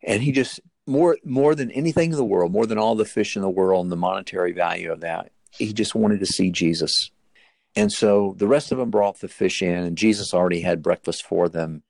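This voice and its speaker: A man with a low, gravelly voice retells a scripture story in a sermon. He tells it earnestly, and his pitch jumps high whenever the story turns dramatic. The sound is close and dry, with no room echo. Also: a little fast, darkish tone. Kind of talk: sermon-style Bible storytelling.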